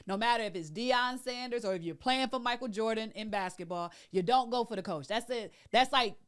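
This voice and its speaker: A woman's voice: fairly high pitch, a little fast, smooth. A woman co-hosting a podcast, arguing her point in casual chat and often cutting in. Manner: interrupting, argumentative, laughs often. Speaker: podcast co-host.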